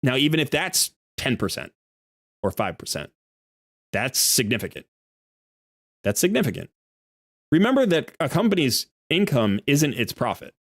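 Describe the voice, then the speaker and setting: A man's voice: a little high, huge pitch swings, moderate pace, fairly bright tone, no echo, clean studio sound. A male game streamer in a live stream, making an argumentative case with worked examples.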